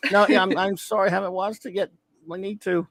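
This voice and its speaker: A man co-hosting a casual podcast, friendly and quick to laugh. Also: sits high, flat delivery, vocal fry, fairly bright tone, dry recording. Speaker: co-host.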